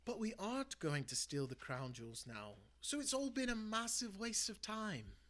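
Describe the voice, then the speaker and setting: Man doing a worried little boy voice, high and tight, kids story. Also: very animated, moderate pace, a bit bright, slight background noise. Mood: glum. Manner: raised, strained boyish voice. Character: anxious eleven-year-old boy. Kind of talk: storybook read-aloud.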